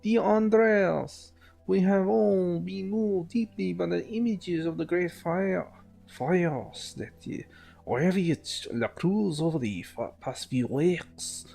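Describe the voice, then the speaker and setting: A man's voice: high-pitched, takes it slowly, vocal fry, warm tone, faint music behind, voice pushed up, full character voice. Pompous French doctor in a broad mock-French accent, hammy and drawn out, put on by a man. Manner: hammy, breaking into laughter.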